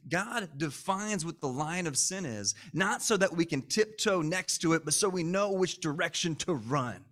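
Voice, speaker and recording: Guy preaching in church, bright forceful voice, kinda high, gets loud and punchy. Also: animated, normal speed. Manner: emphatic, rising to shouts at key lines; calls on the congregation to repeat after him. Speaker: pastor. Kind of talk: sermon.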